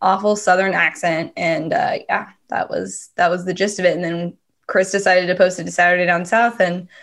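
A woman's voice: on the low side, steady tone, moderate pace, a bit bright. Giggly self-deprecating woman podcaster. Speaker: podcast co-host. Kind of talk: casual chat.

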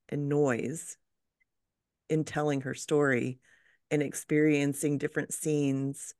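Woman podcaster, reflective, measured, dry close sound. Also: sits low, clear, resonant tone, dry recording. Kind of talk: casual discussion.

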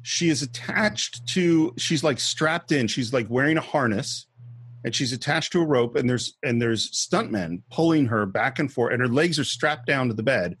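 A man's voice: mid-range voice, normal speed, breathy edge, no room sound. A man hosting a podcast, casually walking his co-host through a movie scene by scene and explaining how it was filmed. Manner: lively storyteller explaining scenes and behind-the-scenes facts. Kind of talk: casual film-discussion chat.

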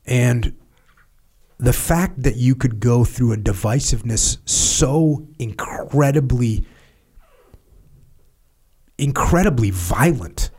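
A man from the United States hosting a podcast, talking in an earnest, halting way with many restarts and fillers. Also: medium pitch, a little mellow, slightly rough. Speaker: podcast host. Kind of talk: casual podcast chat.

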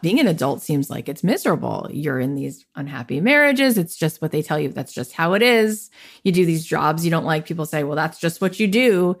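A woman's voice: low-pitched, a little fast. A woman in her thirties, a podcast guest, telling her life story in an interview and acting out what people said to her. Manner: animated, acts out quoted voices in her story.

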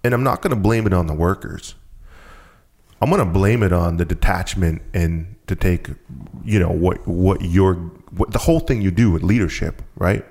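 Deep gravelly man telling a story. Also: moderate pace. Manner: animated, repeats and restarts phrases. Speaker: guest telling a business story. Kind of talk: casual conversational storytelling.

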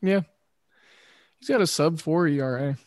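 A man hosting a casual chat show, thinking aloud in a measured way with pauses and fillers. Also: on the high side, dry recording, studio quality. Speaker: podcast host.

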